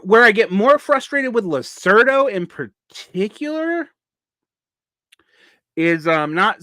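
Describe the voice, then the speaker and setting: A man with a Southern US accent hosting a live solo vlog, talking casually and haltingly, with many restarts. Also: high voice, fairly bright tone, dry recording, studio quality. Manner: halting, with frequent restarts and fillers. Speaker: vlog host.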